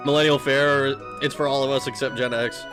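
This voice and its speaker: A man's voice: mid-range voice, fairly even intonation, brisk, over music. A man streaming a video game who talks casually, swears often and laughs a lot. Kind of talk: let's play commentary.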